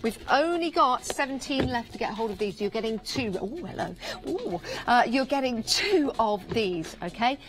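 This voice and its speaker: A woman with an English Midlands or Northern accent presents live product selling on a shopping channel from a TV studio, chatty and upbeat, repeating prices and counts for emphasis. Her voice is fairly high and animated, at a moderate pace with hardly any pauses.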